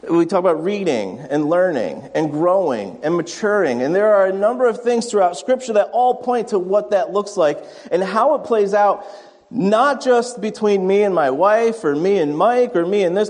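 A man delivers a sermon in a relaxed, conversational way, slipping into quick impressions of his family. His voice sits fairly high for a man. The sound carries a long reverb from the church hall. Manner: conversational, acts out family anecdotes. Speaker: pastor. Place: church sanctuary.

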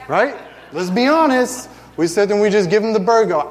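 A man in his thirties preaching a sermon, telling stories with lively acted-out voices. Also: high voice, fairly quick, long reverb tail. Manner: animated storytelling, acts out family scenes.

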